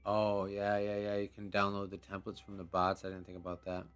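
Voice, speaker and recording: A man hosting a live game show stream, talking casually in a relaxed, rambling way with many fillers. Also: lowish voice, a little fast, clear, resonant tone.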